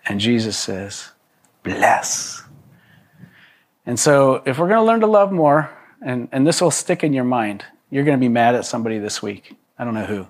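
A man's voice: medium pitch, animated, brisk. Chuckling man preaching a casual sermon. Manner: joking asides, chuckles, frequent restarts. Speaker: pastor. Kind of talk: conversational sermon.

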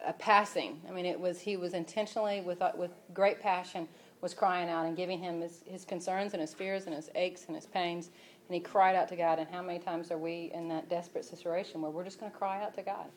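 A woman preaches an informal sermon in a relaxed, conversational way. She scatters fillers through her talk. She also rises to emphatic passages on the points she wants to land. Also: fairly low pitch. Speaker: church speaker.

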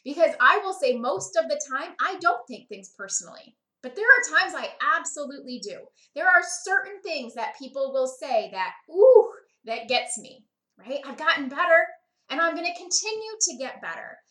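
Podcast host, woman: high, bright voice, chatty teaching tone, echoey room. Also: moderate pace. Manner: lively, checks in with listeners often.

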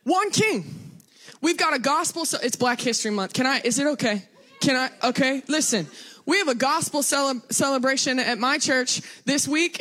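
A young woman from Texas with a Southern accent and a bright, high voice preaches from a church pulpit. She talks like a friend, with quick self-deprecating asides. Her sermon is loose and chatty rather than formal. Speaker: guest preacher. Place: church sanctuary.

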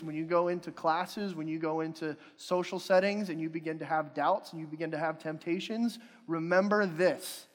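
Brief: young male preacher, casual joking sermon, slightly high voice, long reverb of a big hall. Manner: casual, joking, self-deprecating.

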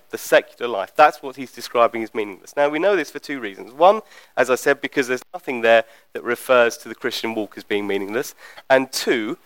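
A man's voice: mid-range voice, dry recording, low-quality recording. A man preaching a teaching sermon in a conversational, explanatory way, often checking in with the listeners.

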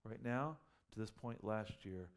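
Guy pastor giving a sermon, gravelly low voice, lots of questions thrown at the crowd. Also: a little slow. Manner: conversational preaching, rhetorical questions, building to emphatic peaks.

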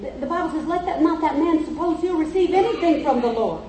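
A woman's voice: high voice, animated, quick pace, mellow, slight background noise. A woman preacher giving an emphatic, repetitive sermon, telling stories and driving points home in a church. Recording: echoey church from far off.

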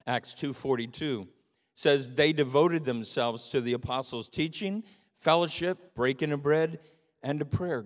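Older male pastor, animated sermon, slightly high voice, reverberant sanctuary. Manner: animated storytelling, rising to emphatic peaks. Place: church sanctuary. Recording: long reverb of a church hall.

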